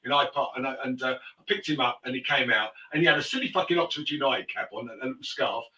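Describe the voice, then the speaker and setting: A man rattles off coarse, sweary stories at a fast clip, tripping over his own restarts. His voice is bright and forceful, and it sounds set back from the microphone in a roomy, echoing space. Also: medium pitch, recorded from a distance. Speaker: host. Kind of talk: casual chat, telling anecdotes.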